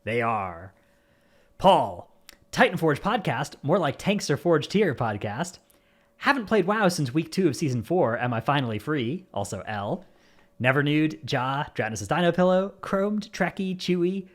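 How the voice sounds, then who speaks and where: Man, podcast host, somewhat higher pitch, easygoing, jokey asides. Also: sing-song, a little slow. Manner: easygoing, reading out supporter names with jokey asides. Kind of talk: casual gaming podcast chat.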